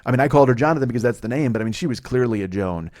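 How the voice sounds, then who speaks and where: Foul-mouthed 40s guy from illinois rambling thru a story, talks quick, mocks himself nonstop. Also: medium pitch, lively intonation, darkish tone. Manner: rambling, heavily profane, self-mocking. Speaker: podcast host. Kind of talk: comedic storytelling monologue.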